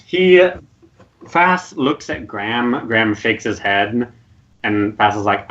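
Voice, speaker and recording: Low-voiced man running a tabletop game. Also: expressive, slow, fairly bright tone, dull audio. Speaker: game master.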